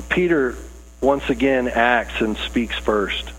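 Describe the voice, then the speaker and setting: A man's voice: medium pitch, slow pace, a bit bright, husky, low-quality recording. A man preaching a conversational sermon, earnest and casual with rising emphasis. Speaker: pastor.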